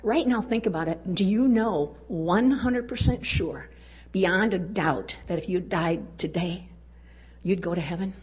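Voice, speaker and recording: A woman's voice: lowish voice, unhurried, a little mellow, slight background noise. An older woman giving a folksy, exuberant testimony talk at a church women's event, urging and cheering her listeners on. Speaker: women's conference speaker.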